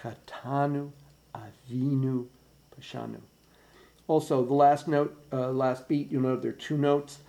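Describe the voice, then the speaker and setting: Gravelly man coaching a choir. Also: on the high side, flat delivery, moderate pace, few pauses, warm tone. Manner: patient, precise coaching with counting in. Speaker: choir director. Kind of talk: choir rehearsal instruction. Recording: practice recording with piano.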